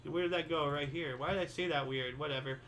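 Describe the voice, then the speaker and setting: Bright-voiced chatty man, voice cracking. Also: on the high side, fast, a little hiss or hum, poor audio. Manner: chatty, sarcastic asides, self-corrects. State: slightly dry-voiced, voice cracking. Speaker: host of a history show. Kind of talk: casual commentary reading dates.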